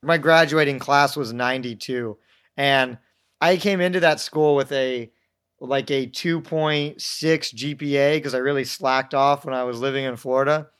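A man's voice: medium pitch, fairly even intonation, moderate pace, a bit bright, clean tone. A young man telling rambling, self-mocking stories in a casual chat, acting out the voices of people he quotes. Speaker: podcast guest telling stories.

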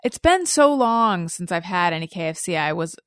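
A woman's voice: fairly low pitch, expressive, normal speed, a bit bright, clean tone, dry recording. A woman hosting a podcast in casual chat, reading out listener questions with a dry, wry manner. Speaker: podcast host. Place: podcast studio.

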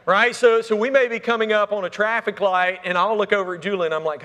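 A man's voice: sits high, fairly even intonation, fast, bright, forceful tone. Man preaching in a reverberant church. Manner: conversational, repeats words, asks the congregation questions. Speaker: pastor. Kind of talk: sermon. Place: church sanctuary. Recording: long reverb of a church hall.

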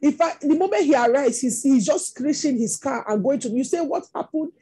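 Nigerian woman preacher, high mellow voice, animated storytelling sermon. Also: a little fast. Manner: storytelling, rising to impassioned exclamations.

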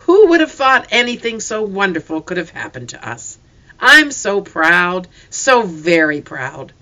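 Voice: medium pitch, big pitch swings, a little slow, sharp tone. A reader voicing a tender, emotional farm mother in an audiobook, speaking earnestly. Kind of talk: audiobook character voice.

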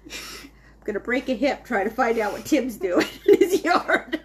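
Playful high-voiced mom at dinner. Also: female voice, animated, measured pace. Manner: playful, laughs a lot, acts out silly voices. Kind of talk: casual family chat.

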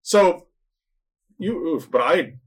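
A man's voice: fairly high pitch, slow, breathy edge. A man in casual chat, rambling through movie plots and acting out lines from them. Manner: rambling, animated retelling of plots, acts out lines. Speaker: podcast co-host reviewing movies.

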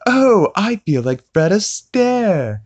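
A man putting on the voice of a snooty, scheming baby boy in a high, prim, theatrical way. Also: sing-song, slow, a little mellow, muffled recording, heavily acted. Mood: prissy.

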